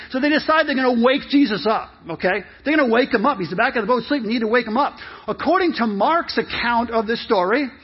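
A male pastor with a very high, husky voice, preaching with animated, emphatic storytelling. The recording is muffled and lo-fi. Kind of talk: lively sermon.

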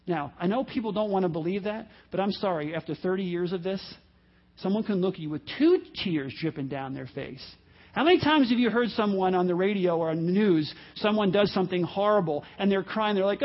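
A high-pitched male pastor preaching earnestly, often repeating himself and slipping into quoted voices. The recording is dull and lo-fi. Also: lively intonation, brisk. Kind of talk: sermon. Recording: dull lo-fi audio.

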